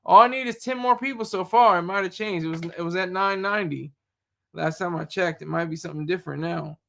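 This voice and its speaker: Bright, high-voiced man rambling on a livestream. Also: fast, gravelly. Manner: rambling, repeats words, reads chat comments. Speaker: YouTube streamer. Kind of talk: casual live-stream chat.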